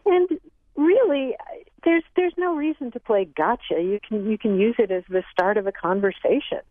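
A woman's voice: fairly high pitch, normal speed, no echo. A woman language expert answering callers on a radio talk show, thoughtful and hesitant with many ums. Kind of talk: call-in radio chat. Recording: thin phone-like line.

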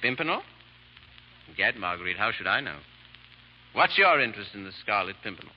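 Sir Percy, a foppish baronet. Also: male voice, fairly low pitch, sing-song, a little fast. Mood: teasing. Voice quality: affected drawl, dithering. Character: foppish English baronet, vain and silly. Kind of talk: 1930s radio drama acting. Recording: dull old radio broadcast.

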